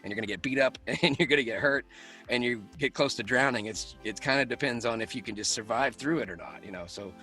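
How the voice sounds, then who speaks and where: A man who works as a voice actor, chatting as an interview guest. He tells animated stories and laughs often. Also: mid-range voice, fast, soft background music. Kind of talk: casual interview chat.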